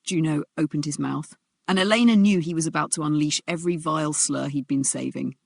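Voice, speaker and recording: A narrator reading a dramatic story in a steady storytelling voice. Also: medium pitch, brisk, vocal fry, no room sound.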